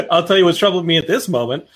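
A man's voice: high-pitched, animated, fast talker. A man co-hosting a podcast, joking in a wry, self-mocking way. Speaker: podcast co-host. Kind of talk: casual comic banter.

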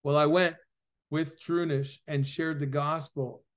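A man's voice: fairly high pitch, steady tone, measured pace. A preacher and author, a man, telling an earnest, emotional personal testimony as an interview guest. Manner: earnest, emotional storytelling that swells louder at its peaks.

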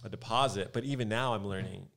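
A man from Southern California, a guest photographer telling stories in a casual podcast chat, animated and full of fillers. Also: lowish voice, fast talker, gravelly. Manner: animated storyteller, many fillers. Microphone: studio mic.

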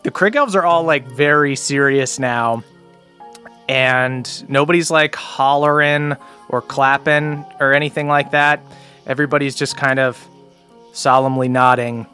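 A game master narrates a tabletop game in a casual, rambling manner at a middling pitch. Faint music plays underneath. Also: fairly even intonation, unhurried, sharp tone.

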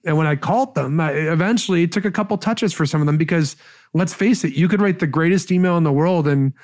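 Brief: male guest, slightly higher voice, quick energetic advice, lots of restarts. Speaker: podcast guest, sales expert. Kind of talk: casual advice talk.

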